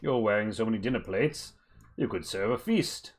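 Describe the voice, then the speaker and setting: A big, gruff bugbear mercenary captain, played by a man with a very deep voice. He is blunt and boastful and sizes people up with questions. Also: animated, moderate pace.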